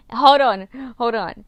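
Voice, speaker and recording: A woman's voice: on the high side, clear, resonant tone, dry recording. Rambling, self-mocking woman telling a story. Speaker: storyteller recapping her old series. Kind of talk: casual storytelling.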